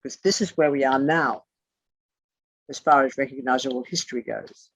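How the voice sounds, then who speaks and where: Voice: medium pitch, normal speed, slightly rough, no room sound. A teacher leading an online class over a video call, bluntly spelling out terms letter by letter, with the odd swear word.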